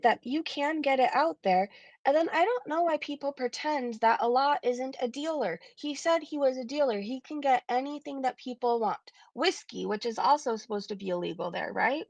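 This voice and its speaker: Gravelly-voiced woman chatting on a livestream. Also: on the high side, darkish tone, no room sound. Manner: rambling, filler-heavy, laughs often. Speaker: livestream host. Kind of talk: casual livestream chat.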